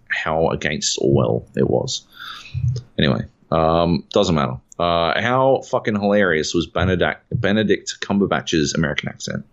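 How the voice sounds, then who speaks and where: Deep-voiced podcast co-host, animated and profane, with slightly dull lo-fi sound. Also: male voice. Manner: animated, profane, rambling with fillers. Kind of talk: casual chat.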